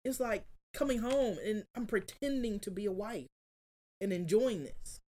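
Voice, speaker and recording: A woman's voice: mid-range voice, animated, moderate pace, mellow. Earnest woman telling a personal story. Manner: earnest, confessional, often quotes herself. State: close to tears. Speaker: guest.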